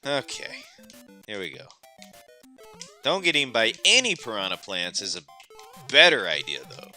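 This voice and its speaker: A man streaming a game, chatting casually, animated and exclamatory, and laughing often. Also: mid-range voice, normal speed, soft background music. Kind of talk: casual gameplay chat.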